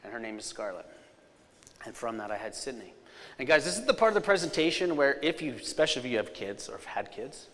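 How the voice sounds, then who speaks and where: A man's voice: medium pitch, fast talker. Man telling stories in an echoing hall. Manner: energetic, swings from loud punchlines to quiet serious asides. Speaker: safety speaker. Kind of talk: live storytelling presentation. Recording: long hall reverb.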